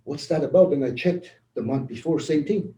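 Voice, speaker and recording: A man giving a casual motivational talk, animated and laughing as he acts out conversations. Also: a little high, normal speed, echoey room, rough recording. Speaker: network marketing leader.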